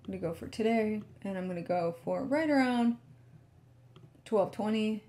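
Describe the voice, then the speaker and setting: A woman with a mid-range voice at normal speed casually narrates a screen recording as a tech vlogger. Sleepy and yawning, she talks to herself while she works in a relaxed, chatty way.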